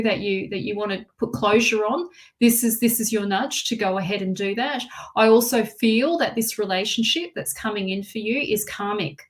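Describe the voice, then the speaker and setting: Woman, tarot reader, soft reassuring delivery, mid pitch. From Australia. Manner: soft, reassuring, repeats phrases. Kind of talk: live tarot reading.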